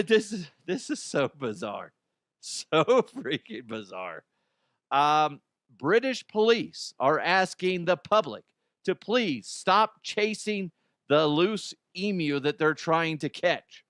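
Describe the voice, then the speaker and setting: A man's voice: on the high side, fairly bright tone, no echo, clean studio sound. A man hosting a comedic news chat, joking, swearing freely and acting out silly voices. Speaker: host.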